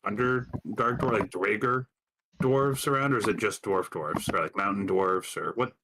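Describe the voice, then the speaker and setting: A man's voice: fairly low pitch, moderate pace, background noise. A man playing a tabletop game, asking lots of curious questions with many "like"s. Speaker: player. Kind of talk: casual tabletop game chat.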